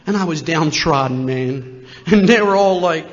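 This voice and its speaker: A man in his sixties from Philadelphia, telling a humorous personal story as a recovery meeting speaker, animated and acting out the voices of people in it. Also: sits high, moderate pace. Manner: animated, jokey, acts out voices. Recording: muffled, long hall reverb.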